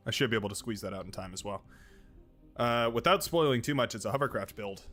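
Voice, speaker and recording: A man's voice: lowish voice, quick pace, a bit bright, faint music behind. A man streaming a strategy game, chatting casually and rambling into joking asides while he plays. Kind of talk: casual gameplay commentary.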